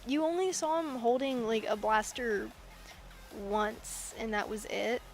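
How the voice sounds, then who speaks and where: A woman's voice: fairly high pitch, fairly even intonation, unhurried. A woman chatting casually while she draws, rambling and giggly with self-deprecating asides. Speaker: artist drawing on stream. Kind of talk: casual chat while drawing.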